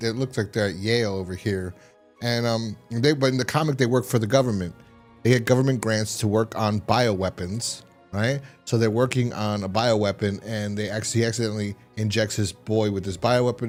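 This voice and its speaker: A man's voice: mid-range voice, a little mellow. A man hosting a casual review podcast, retelling a plot in a rambling way with lots of restarts. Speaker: podcast host.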